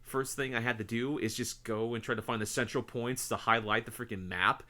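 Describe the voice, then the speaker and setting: A man co-hosting a casual podcast, with a voice of ordinary pitch for a man. He tells long, excited stories and peppers them with swearing. His talk rambles, full of fillers and restarts. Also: brisk. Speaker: podcast co-host. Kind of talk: casual chat.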